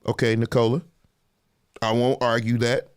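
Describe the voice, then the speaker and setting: A man's voice: mid-range voice, normal speed, smooth. A man hosting a live discussion show, chatting casually and reading out viewer comments as he quizzes his audience. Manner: animated, conversational, quizzing the audience. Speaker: livestream show host.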